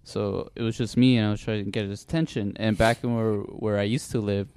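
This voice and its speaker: Lower-voiced young dude on a podcast, laid back rambling story, dry mic. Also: male voice, a little fast, clear, resonant tone, dry recording. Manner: relaxed rambling storytelling, laughs along. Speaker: podcast co-host. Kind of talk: casual chat. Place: podcast studio.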